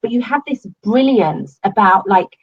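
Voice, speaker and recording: A woman's voice: medium pitch, lively intonation, a little slow, muffled recording, a little hiss or hum. A woman giving a casual testimonial to her coach, gushing and swearing often, with many fillers. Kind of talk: casual video-call testimonial.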